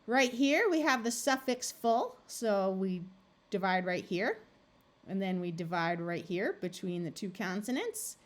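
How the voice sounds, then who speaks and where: A woman tutor giving a recorded phonics lesson, explaining each step patiently and sounding words out clearly. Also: medium pitch, lively intonation, unhurried. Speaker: reading tutor.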